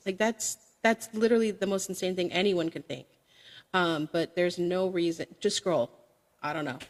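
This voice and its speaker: A woman's voice: on the low side, a bit bright. Chatty woman with long reverb. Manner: frank, chatty, sassy asides. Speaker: karaoke live streamer, guest. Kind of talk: casual podcast chat.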